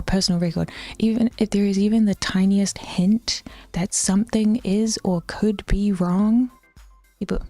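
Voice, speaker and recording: Mellow half-whispering woman streamer. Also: mid-range voice, no room sound. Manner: often half-whispered, laughing, swearing casually. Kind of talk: casual livestream chat while working out.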